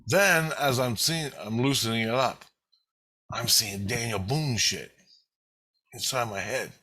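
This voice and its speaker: Swearing heavily as he rambles through his own spiritual experience, this vlogger in his fifties sounds intense and emotional. His medium-pitched voice is a little slow, pushed and bright, on a rough recording.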